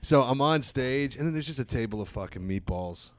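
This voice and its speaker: A man's voice: medium pitch, fairly quick. A man, a stand-up comedian, telling crude anecdotes in casual talk and acting out the people in them. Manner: animated, profane, acts out voices in anecdotes. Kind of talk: casual podcast storytelling.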